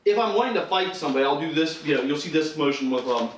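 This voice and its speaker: This instructor's high-leaning voice is animated and quick as he demonstrates self-defense moves, acting out quotes and restarting often in a relaxed, chatty manner. The far-off mic catches room echo and a slight hiss or hum.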